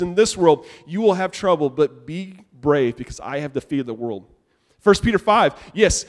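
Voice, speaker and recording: A young adult man preaching a sermon to a church congregation in a casual, animated conversational way. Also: sits high. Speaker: pastor. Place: church sanctuary.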